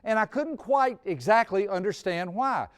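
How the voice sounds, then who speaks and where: A man's voice: sits high, lively intonation, moderate pace, clean tone. A man in his sixties telling a personal story on stage before an audience, folksy and humorous, sometimes repeating his words. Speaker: speaker on personality types.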